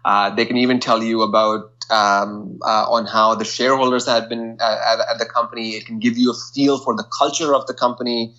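A man who works as a management consultant, a podcast guest who talks in a measured way with many fillers. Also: medium pitch, level tone, sharp tone, dull audio. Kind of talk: casual interview.

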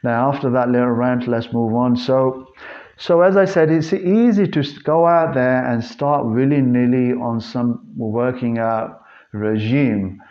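A man's voice: mid-range voice, unhurried, lo-fi sound. A man hosting a solo fitness podcast, talking casually and earnestly to his listeners with a rambling delivery full of restarts and fillers. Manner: earnest, addresses listeners as guys. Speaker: fitness trainer and podcast host.

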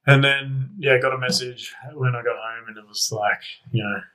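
A man's voice: mid-range voice, fairly even intonation, normal speed, sharp tone, low-quality recording. A young man, casually telling a rambling anecdote as a guest. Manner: rambling, self-correcting anecdote with laughs. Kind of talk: casual storytelling.

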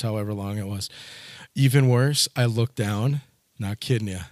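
A man's voice: medium pitch, moderate pace, darkish tone, no room sound, studio quality. A male pastor preaching a sermon in a casual storytelling way, often restarting his phrases.

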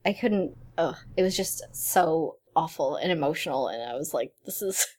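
A woman's voice: low-pitched, normal speed. A young woman hosting a casual chat, talking expressively with lots of laughter and "like.". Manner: giggly, expressive, peppered with "like".

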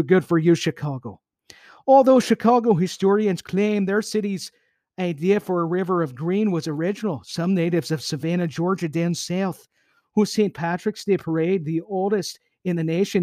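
A man's voice: on the high side, a little mellow, dry recording, studio quality. A man hosting a podcast, reading history aloud and breaking off for playful jokey asides. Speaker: podcast host.

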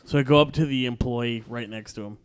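A man's voice: medium pitch, a little fast, smooth. A man telling a long, profane story to friends in a casual chat, laughing often as he goes. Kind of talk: casual anecdote among friends.

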